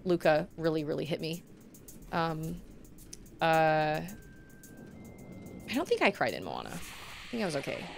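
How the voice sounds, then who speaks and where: A woman's voice: low voice, wildly swooping pitch, takes it slowly, creaky, pauses often, soft background music. A woman livestreaming a video game, chatting casually and rambling, laughing often. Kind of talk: casual chat while gaming.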